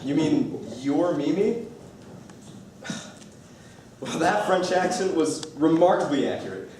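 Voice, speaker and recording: A man's voice: fairly high pitch, animated, slow pace, a little mellow, a little hiss or hum. A man playing an earnest, lovesick young groom in a stage musical. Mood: pleading. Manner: earnest and pleading. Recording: echoey stage from far off.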